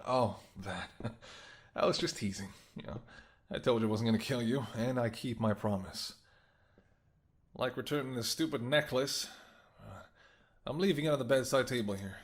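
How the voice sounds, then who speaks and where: A man voicing a flirtatious, predatory male vampire in a whispered role-play, speaking in a soft, teasing, seductive murmur. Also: medium pitch, close to an everyday voice. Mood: playful. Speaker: voice actor.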